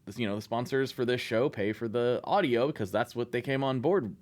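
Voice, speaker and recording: A man in casual podcast chat with an ordinary mid-range voice and a friendly, conversational flow. He tells stories in an animated way and drops into quick acted-out bits of his own thinking. The pace shifts freely as he talks. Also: mid-range voice. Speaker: podcast host.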